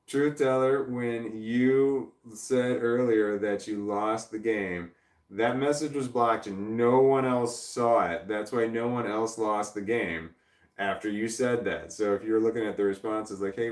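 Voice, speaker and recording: Rambling streamer man, low voice, echoey room. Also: recorded from a distance. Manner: rambling, self-deprecating, reads chat aloud. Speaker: livestream host. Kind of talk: casual livestream chat. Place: indoor room, seated in a creaky chair.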